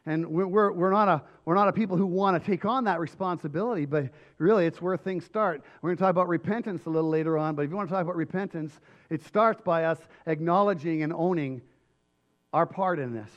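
A man preaching a sermon with emphatic delivery and frequent restarts, his voice slightly hoarse. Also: on the high side, fast talker, dull audio. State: voice going hoarse. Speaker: pastor.

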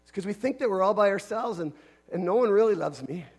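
Male pastor, fairly high voice, earnest emphatic sermon, repeats key phrases. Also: expressive, fast, breathy edge. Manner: earnest, emphatic preaching with repetition.

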